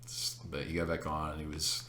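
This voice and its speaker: Deep-voiced young man telling stories. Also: fairly quick, noisy background. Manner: animated, laughing, with many fillers. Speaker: storyteller. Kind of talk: casual storytelling chat. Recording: echoey room.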